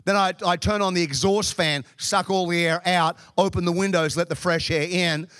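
A man's voice: sits high, fairly even intonation, normal speed, fairly bright tone, smooth, no room sound, studio quality. A middle-aged Australian man preaching a sermon through humorous, self-deprecating stories from his youth. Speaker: pastor. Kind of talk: storytelling sermon.

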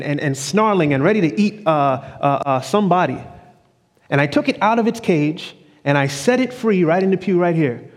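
A somewhat high-pitched man preaching with fervent conviction, his voice swelling and then dropping to a hush. The sound carries the long reverb of a church sanctuary, giving every pause a lingering tail. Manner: fervent, sweeping rises and drops in loudness. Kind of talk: evening sermon.

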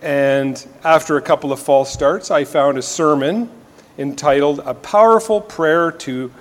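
Preacher, man, fairly high voice, casual and self-deprecating, echoing church hall. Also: measured pace. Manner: conversational, self-deprecating with frequent fillers and restarts. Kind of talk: sermon. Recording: long hall reverb.

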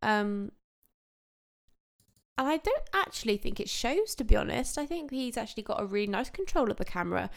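Brief: young woman, podcast co-host, lively pitch, gravelly texture, casual and slangy. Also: moderate pace. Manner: chatty, laughs often, slangy. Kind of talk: casual chat.

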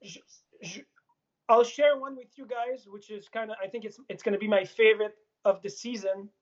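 A man with a Quebec French accent talks casually over a phone held on a gimbal, drifting between French and English. His voice is a little husky, and the line sounds dull and muffled. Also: sits high, fairly even intonation, normal speed. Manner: switches between French and English mid-sentence. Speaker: remote guest. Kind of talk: casual bilingual chat.

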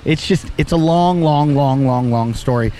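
A man with a slightly higher voice hosting a podcast, spinning crude stories with animated, profane energy. He talks into a studio mic, and a faint hum of noise sits behind him. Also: moderate pace. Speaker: podcast host. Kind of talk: crude casual podcast banter. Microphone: podcast microphone.

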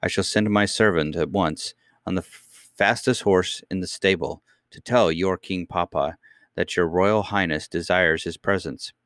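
A man's voice: sits low, unhurried, a bit bright, no room sound, clean studio sound. A man reading the lines of a courtly knight captain in formal, courteous speech.

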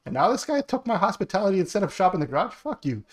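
A man on a podcast, telling a story in a casual chat with animated, profanity-heavy delivery. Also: high-pitched, racing. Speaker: podcast host.

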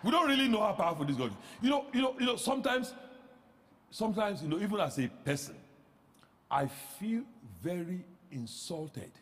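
A man pastor preaching a sermon, animated, with rhetorical questions that rise into shouts. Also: high voice, a little fast, big-room sound.

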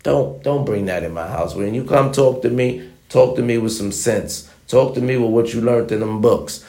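A man's voice: mid-range voice, moderate pace, gravelly, mellow. A man preaching life advice straight to the camera in a blunt, emphatic way, driving his points home by repeating them. His voice sits in a mid range, and a roomy echo surrounds it. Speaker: motivational vlogger.

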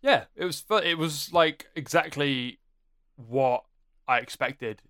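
Bright, blunt man in a dry room. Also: on the high side, slow, no echo. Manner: rambling, blunt, full of fillers. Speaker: podcast co-host. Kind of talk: casual film review chat.

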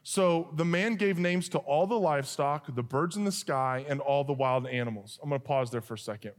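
A man preaching a sermon, telling a humorous story with lively asides and then reading scripture. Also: fairly high pitch, brisk. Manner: animated, joking, shifts into acted voices for characters. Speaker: pastor. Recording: long hall reverb.

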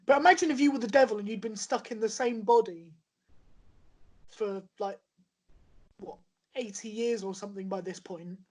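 A woman's voice: medium pitch, moderate pace, pauses often, darkish tone, rough recording. Giggly woman recapping a plot. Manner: giggly, explains plot chattily. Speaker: podcast co-host. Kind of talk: casual chat.

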